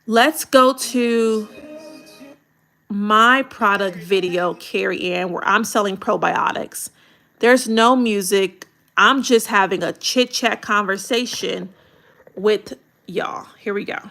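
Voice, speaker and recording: Bright, direct woman coach on a livestream. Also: medium pitch, slow pace, vocal fry. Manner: direct, colloquial, animated. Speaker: content creation coach. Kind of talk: livestream video critique.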